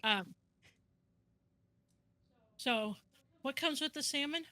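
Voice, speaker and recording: Woman player, bright, slow, soft delivery. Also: high-pitched, animated, dry recording. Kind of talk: casual tabletop play.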